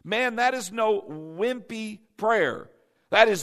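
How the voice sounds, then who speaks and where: High-voiced man preaching with emphasis. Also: animated, takes it slowly, a bit bright. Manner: emphatic preaching, repeating key phrases for the congregation. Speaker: pastor. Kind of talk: sermon.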